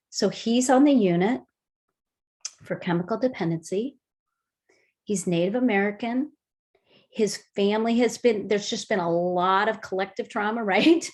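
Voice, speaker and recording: Gentle woman guiding a breathing class. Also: mid-range voice. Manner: gentle, slow guiding with soft breathy cues. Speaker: mindfulness movement instructor. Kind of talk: guided movement and breathing lesson. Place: online video class.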